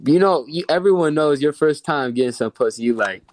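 A man's voice: fairly high pitch, lively intonation, brisk, no room sound. A young man telling a story in casual chat, slangy and laughing often. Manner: slangy, laughing, says bro a lot. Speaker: guest storyteller.

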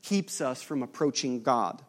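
A man preaching a sermon as pastor, lively and teasing with his congregation. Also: medium pitch, a little slow.

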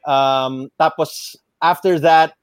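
Filipino male host, high voice, loose rambling talk, dry sound. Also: steady tone, takes it slowly, clean tone, no room sound. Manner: rambling, self-correcting, mixes Tagalog into English. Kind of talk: casual chat.

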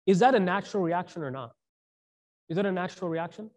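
A man's voice: sits high, animated, fast, a little mellow. A man giving a conversational sermon, asking the audience questions and mixing in slang. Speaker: preacher.

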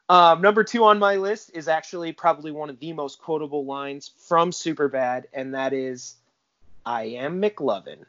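Young man, podcast co-host, casual chat, laughs often, slightly high voice, dry dull sound. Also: moderate pace, bright, forceful tone, no echo. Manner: chatty, laughs often while retelling scenes. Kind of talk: casual film discussion.

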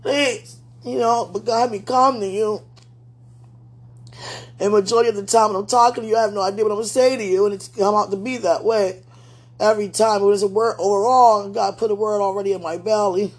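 A woman's voice: mid-range voice, steady tone, fairly quick, husky. A middle-aged woman speaking an emotional, repetitive prayer aloud, pleading and talking to herself.

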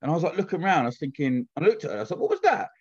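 A man's voice: fairly high pitch, expressive, very fast, darkish tone, slightly rough, lo-fi sound. A man chatting casually, swearing freely and often asking whether he is understood. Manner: chatty, swears freely, keeps asking "do you know what I mean". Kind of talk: casual chat.

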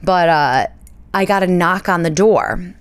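Chatty low-voiced woman podcaster. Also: measured pace, clean tone. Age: 30s. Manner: chatty, dramatic, acts out quoted voices. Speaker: podcast host. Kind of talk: casual solo podcast storytelling.

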